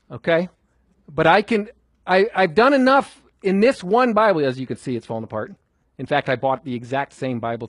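A man's voice: mid-range voice, dry recording. A man teaching a group how to memorize Scripture in a conversational way, asking questions and repeating phrases for emphasis. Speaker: Bible teacher.

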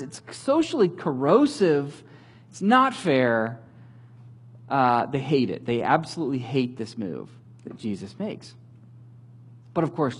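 Husky-voiced man preaching animatedly. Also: sits high. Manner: conversational, animated storytelling with light humor. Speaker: pastor. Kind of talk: sermon.

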